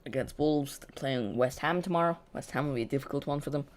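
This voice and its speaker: Football watch-along host, casual live chat, mid-pitched voice, restarts mid-sentence, dry sarcastic asides. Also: fast. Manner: chatty, self-correcting, dry sarcasm.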